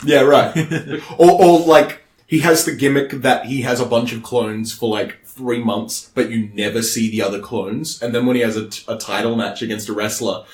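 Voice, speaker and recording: A man co-hosting a casual comedy chat, laughing often and building on jokes with animated storytelling. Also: medium pitch, moderate pace, few pauses, reverberant. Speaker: podcast co-host.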